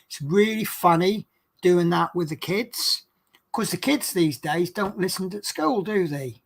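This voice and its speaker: A man's voice: sits high, animated, a little slow, vocal fry, breathy edge. A man working as a bus driver, telling rambling work stories in a casual, chatty way and acting out the dialogue. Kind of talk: casual storytelling monologue.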